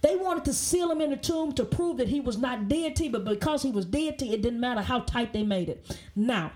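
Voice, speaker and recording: A woman's voice: high-pitched, expressive, a little fast, a little mellow. A woman teaching a Bible study in an emphatic way, often checking in with "okay?" and restarting her sentences.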